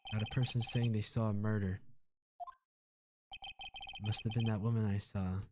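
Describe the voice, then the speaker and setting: A man doing a gruff Boston-accented cop. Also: on the low side, level tone, normal speed, noisy background, natural voice. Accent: put-on Boston cop accent. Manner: tough-talking, tags lines with "see?". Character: gruff blustering male police detective. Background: game music.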